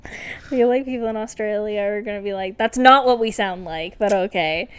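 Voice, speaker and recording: A woman's voice: medium pitch, moderate pace, clear, resonant tone. A woman co-hosting a podcast in casual chat, talking with lots of "like" fillers and laughing often. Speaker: podcast co-host.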